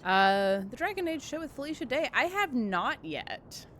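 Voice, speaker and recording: A woman's voice: sits high, normal speed, a little hiss or hum. A woman streamer chatting casually while playing a video game. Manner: chatty, relaxed, reminiscing. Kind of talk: casual gameplay commentary.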